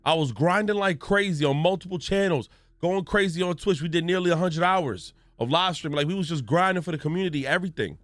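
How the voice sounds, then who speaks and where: A man's voice: on the high side, quick pace, fairly bright tone, dry recording. A man, a gaming streamer, giving ranting news commentary in a profane, storytelling way with exaggerated reactions.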